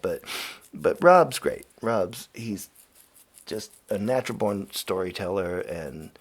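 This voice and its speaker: A man hosting a podcast, telling a story in a loose, animated way, laughing and swearing freely. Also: fairly low pitch, vocal fry, slightly rough. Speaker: podcast host. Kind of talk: casual storytelling.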